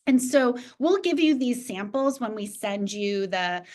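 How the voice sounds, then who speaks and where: A woman's voice: medium pitch, animated, takes it slowly, a little mellow. A woman presenting a teacher training lesson on reading, explaining each step patiently and modeling it aloud.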